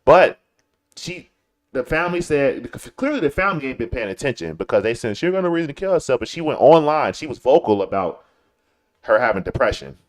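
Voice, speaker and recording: A man's voice: medium pitch, sing-song, a little fast. Combative male streamer, ranting. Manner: combative, repetitive, stammering restarts; mocking, puts on whiny voices for quotes. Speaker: streamer host. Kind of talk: live-stream commentary rant.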